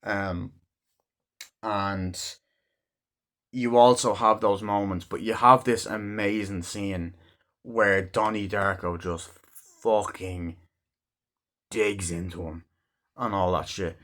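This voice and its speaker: A man's voice: fairly low pitch, steady tone, slow pace, long pauses, fairly bright tone. A man giving a casual movie review, rambling and swearing freely as he acts out scenes.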